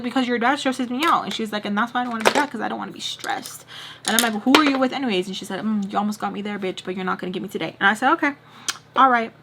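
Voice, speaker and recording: Woman vlogger acting out a whole argument in her story, talks super fast. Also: a little high, a little hiss or hum. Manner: fast animated retelling, acts out both sides of arguments. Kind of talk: casual storytime, quoting others.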